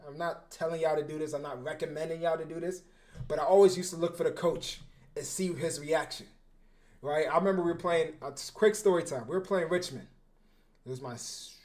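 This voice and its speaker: A young man, a football coach and former defensive back, talking casually on a livestream, animated and slangy, often repeating his words. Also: a little high. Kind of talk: casual livestream film breakdown.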